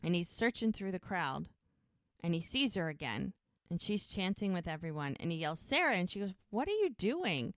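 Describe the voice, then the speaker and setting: A woman podcast co-host with a low voice, retelling a show scene by scene and slipping into each character's lines. Her sound is close and dry, with no room around it. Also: moderate pace, dry recording. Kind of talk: casual recap of a TV episode.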